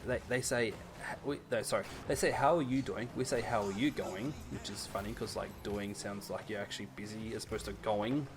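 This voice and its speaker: A man's voice: lowish voice, fairly quick, background noise. A man with an Australian accent hosting a casual podcast chat, rambling and playful and laughing often. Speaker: podcast host.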